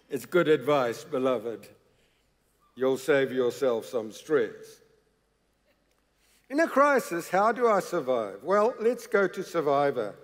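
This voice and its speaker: A man preaching a sermon in a church, emphatic and dramatic, repeating phrases for effect. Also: mid-range voice. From South Africa. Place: large church hall. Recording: reverberant church hall.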